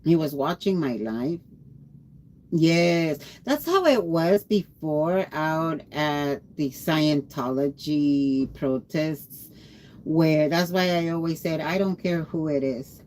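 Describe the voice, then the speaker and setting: Tired woman livestreamer, low voice, slow rambling chat with viewers. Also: a little mellow. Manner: rambling, greets chatters by name. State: tired after a long day.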